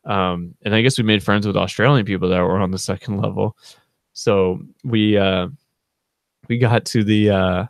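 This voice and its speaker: Deep gravelly man telling a rambling story. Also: fairly even intonation, moderate pace, no room sound, clean studio sound. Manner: rambling, laid-back, full of fillers. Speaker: channel co-host. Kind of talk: casual storytelling vlog.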